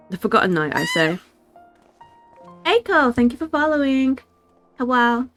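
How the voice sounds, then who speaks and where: A woman's voice: sits high, very animated, a little slow, long pauses, faint music behind. A woman streaming a video game, chatting casually and reading game lines aloud.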